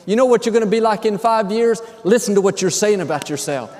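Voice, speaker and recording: A man preaching in an upbeat, encouraging way, with a notably high voice. His words ring with a long reverb from a large church hall. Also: lively intonation, fast, darkish tone. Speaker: pastor. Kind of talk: conversational sermon.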